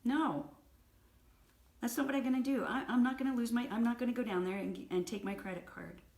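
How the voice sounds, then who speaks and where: A woman voicing a calm, caring husband who speaks in a steady, reassuring way, quoting him while retelling a story. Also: a little high, brisk, creaky, voice pushed up. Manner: steady, reassuring, gently questioning. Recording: roomy echo.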